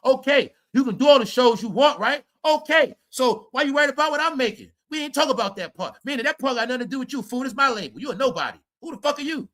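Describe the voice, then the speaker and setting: Brash high-voiced man ranting. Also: animated, fast talker, few pauses, pushed and bright. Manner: brash, mocking, repeats "y'all" and "bro". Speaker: commentary streamer. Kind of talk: ranting commentary.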